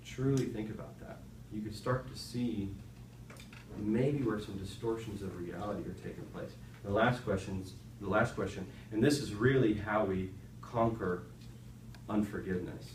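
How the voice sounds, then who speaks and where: A man's voice: low-pitched, far from the mic, background noise. Man teaching a roomy classroom. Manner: animated storytelling with rhetorical asides to the class. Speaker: youth speaker teaching a class. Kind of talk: conversational Bible lesson. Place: high school classroom.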